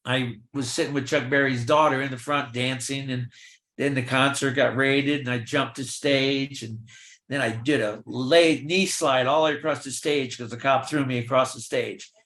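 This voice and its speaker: An older man, a guest in an interview, telling lively anecdotes and acting out the voices of the people in them. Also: mid-range voice, a little slow, reverberant. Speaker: film extra and actor, guest. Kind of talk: storytelling in an interview.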